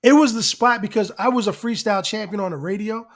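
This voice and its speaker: A man telling a long story in casual chat, excitable and rambling, acting out what people said. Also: high voice, fast. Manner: excitable, rambling, acts out quotes. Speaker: guest rapper and actor.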